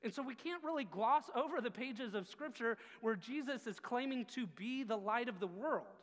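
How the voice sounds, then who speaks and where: A man preaching a sermon as pastor, earnest, dropping low and quiet on key phrases. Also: animated, normal speed, in a large hall.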